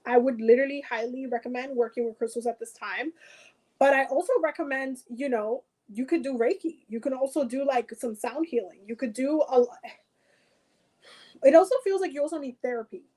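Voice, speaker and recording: A woman's voice: high-pitched, fairly quick, dark tone, poor audio. A woman doing a spoken oracle card reading, talking straight to the viewer, repeating her points and checking in with "okay?". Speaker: tarot reader.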